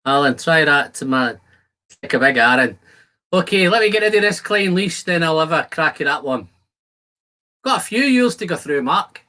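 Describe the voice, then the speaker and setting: A man hosts a whisky-tasting livestream from his shed, chatting casually and joking with viewers as he reads out their comments. His voice is bright and forceful and sits a little high for a man. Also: animated, moderate pace. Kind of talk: casual live-stream chat while tasting whisky. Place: home shed.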